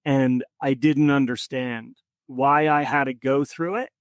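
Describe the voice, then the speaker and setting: A man being interviewed on a podcast, telling a personal story in an earnest, reflective way with many pauses. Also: mid-range voice, fairly even intonation, no echo. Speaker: podcast guest.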